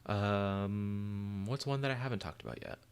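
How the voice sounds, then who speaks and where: A man hosting a livestream, chatting casually and excitedly while answering chat questions, rambling with lots of fillers. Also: on the low side, a little slow, clear, resonant tone.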